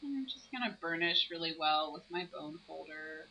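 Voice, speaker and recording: A woman's voice: sits low, expressive, normal speed, gravelly, pushed and bright, poor audio. A woman narrating her own crafting video, explaining each step as she works.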